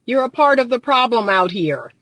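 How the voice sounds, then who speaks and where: A woman's voice: on the high side, very animated, moderate pace, fairly bright tone, no room sound. A woman relationship coach, giving an emphatic live-streamed talk and repeating her points for emphasis. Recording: dry close phone mic.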